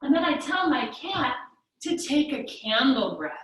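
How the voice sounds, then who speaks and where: A woman teaching a kids yoga class in a playful, sing-song way, with drawn-out phrasing. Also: high-pitched, very animated, a bit bright, slight background noise. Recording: echoey room, voice from a distance.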